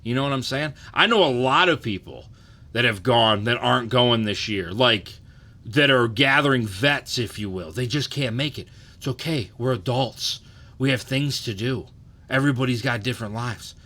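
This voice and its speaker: A man's voice: medium pitch, normal speed, sharp tone. A man in his thirties hosting a casual livestream, loose and profane, often asking "you know what I'm saying". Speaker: livestream host.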